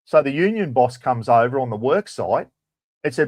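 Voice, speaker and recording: A man's voice: mid-range voice, animated, moderate pace, a little mellow, dry recording. An Australian man hosting a livestream, telling stories in a blunt, casual rant and swearing freely. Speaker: livestream host. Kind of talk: casual ranting chat.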